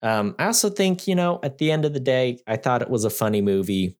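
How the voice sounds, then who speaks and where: A man's voice: mid-range voice, a little fast, a little mellow. A man giving a casual, rambling movie review, chatty and joking, with lots of fillers.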